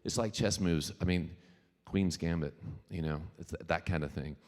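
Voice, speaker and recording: A man's voice: deep voice, normal speed, darkish tone. A man from Louisiana giving a jokey, tangent-filled talk to a live audience, swearing now and then. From Louisiana, US South. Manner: jokey, tangent-prone, addresses the crowd, swears freely. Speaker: featured speaker, singer-songwriter. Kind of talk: conversational keynote talk. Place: event venue with live audience. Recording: long hall reverb from a venue PA.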